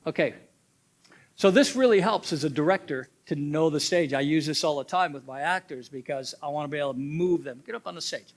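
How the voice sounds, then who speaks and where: A man leads a drama workshop in a fairly high voice. He explains stagecraft in a teaching tone. He drives home each point by repeating it and checking in with "okay?". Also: brisk. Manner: instructive, tags points with "okay?"; repeats key points for emphasis. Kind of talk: teaching seminar.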